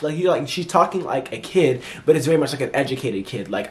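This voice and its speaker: A man giving a casual movie review vlog, chatty and animated, full of fillers and restarts, acting out characters' lines in playful voices. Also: mid-range voice, fast.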